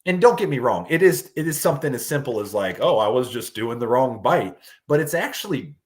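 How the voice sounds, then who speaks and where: A man in his thirties, a fishing guide hosting a casual podcast, talking in an animated, rambling way and saying "dude" a lot. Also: medium pitch, a little fast.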